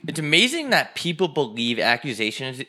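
Blunt young man with a bright voice. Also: medium pitch, sing-song, fairly quick. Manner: blunt, offhand, swearing. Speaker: podcast co-host. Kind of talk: casual chat.

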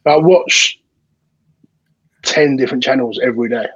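A man's voice: mid-range voice, normal speed, a bit bright, husky, dry recording, muffled recording. An English man talking as a guest in casual chat, chatty and eager, often saying "you know". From England.

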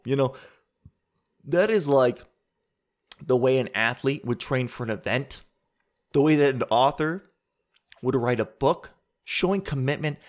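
A man doing an observational stand-up routine, rambling and conversational, interrupting himself and climbing higher in pitch as he riffs. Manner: rambling, conversational, self-interrupting, rises in pitch when riffing. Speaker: stand-up comedian.

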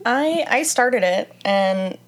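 A woman's voice: a little high, animated, slow pace. Playful woman in casual chat.

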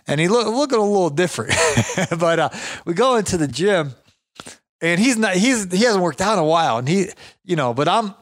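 A man hosting a podcast, giving business advice in a chatty, energetic way with frequent chuckles and storytelling asides. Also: high voice, brisk, dry recording, clean studio sound. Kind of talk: casual motivational talk with anecdotes.

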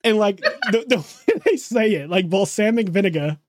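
A young adult man chatting casually as podcast co-host, animated and profane. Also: high voice, normal speed, no echo, clean studio sound. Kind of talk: casual chat.

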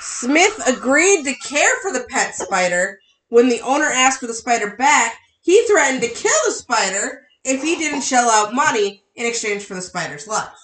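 A woman's voice: on the high side, big pitch swings, moderate pace, fairly bright tone, a little hiss or hum, poor audio. A woman co-hosting a casual podcast, reading odd news stories aloud in a dry, matter-of-fact way. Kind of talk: casual chat.

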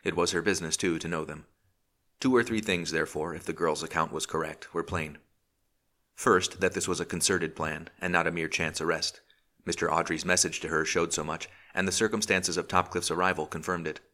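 A man reading a novel aloud in measured, even scripted narration. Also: low voice. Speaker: audiobook narrator.

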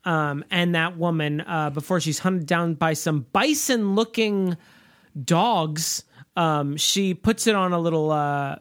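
A man's voice: fairly high pitch, takes it slowly, fairly bright tone, smooth. A man co-hosting a podcast, recapping a film in casual chat with a wry, joking manner and frequent fillers. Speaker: podcast co-host.

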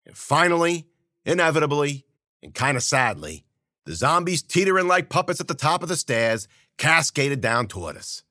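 A man spinning a gritty first-person tale in street slang, turning to the listener with wry asides. His pitch moves a lot and his tone is bright and forward. The mic is close and dry. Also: very animated, normal speed, dry recording. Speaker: storyteller and podcast host. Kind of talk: first-person hardboiled storytelling.

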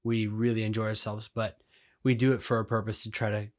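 A man's voice: on the low side, flat delivery, a little fast. A man co-hosting a podcast, chatting casually and joking with his wife. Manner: joking, conversational. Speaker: podcast co-host. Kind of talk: casual chat.

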